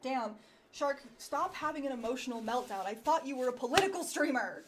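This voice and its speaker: A woman livestreaming political commentary, reading chat aloud in a sarcastic, animated way and swearing freely. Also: sits high, fairly quick, heavy background noise.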